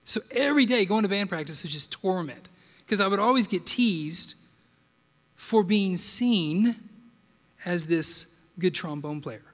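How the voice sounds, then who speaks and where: A man preaching a sermon and telling personal stories in an animated way, with frequent rhetorical asides to the congregation. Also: sits high, unhurried. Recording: long hall reverb.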